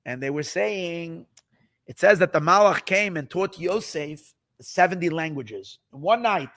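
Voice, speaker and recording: A man, a rabbi, telling a story in a sermon, animated and repetitive, dropping in Yiddish words. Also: a little high.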